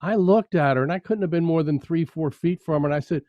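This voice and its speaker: A man's voice: a little high, fast, no echo. Emphatic man, dry dull-sounding mic. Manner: enthusiastic storyteller, emphatic. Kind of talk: casual interview chat.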